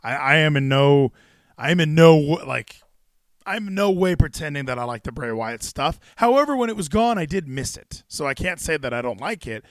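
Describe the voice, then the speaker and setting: A man hosting a casual wrestling chat podcast, animated and rambling, swearing freely and restarting his sentences. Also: a little high, moderate pace, no room sound, clean studio sound. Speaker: podcast host.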